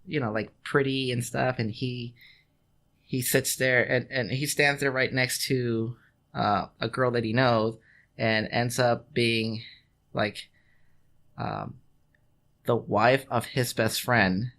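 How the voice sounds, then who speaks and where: A man's voice: mid-range voice, steady tone, takes it slowly, vocal fry, fairly bright tone. A man co-hosting a casual podcast, telling a story in a loose, rambling way. He swears freely, restarts his sentences again and again, and breaks into laughs. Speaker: podcast co-host. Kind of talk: casual chat.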